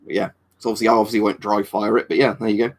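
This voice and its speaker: A man's voice: lowish voice, fairly even intonation, rapid-fire. An English man hosting a live stream, chatting casually and answering viewer comments in a rambling, offhand way. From England. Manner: rambling and offhand, with many fillers and restarts. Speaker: livestream host.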